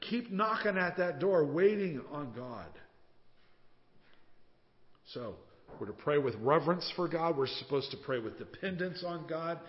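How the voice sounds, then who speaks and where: A man preaching a sermon as a pastor, telling a story and acting out the voices in it with lively swings in loudness. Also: a little high, unhurried, long pauses. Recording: dull sound with long reverb.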